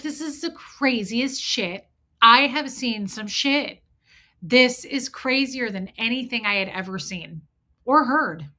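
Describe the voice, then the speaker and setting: A woman hosting a livestream, telling a story in a blunt, profane, animated way and acting out both sides of old arguments. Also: high voice. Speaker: host.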